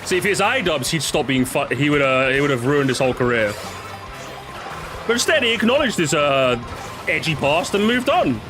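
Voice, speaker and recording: A man's voice: on the high side, very animated, normal speed. A young man chatting casually with viewers as he plays, rambling and swearing freely, with game music behind him. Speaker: streamer. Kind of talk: casual gaming commentary.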